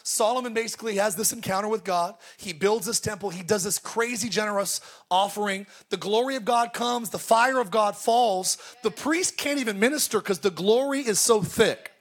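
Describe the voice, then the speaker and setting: A man preaching in a high, light voice at a church service. He tells his stories in a loose, personal way. He keeps breaking into loud, shouted exclamations. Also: moderate pace, few pauses. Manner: storytelling, bursts into shouted exclamations. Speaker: pastor. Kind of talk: sermon.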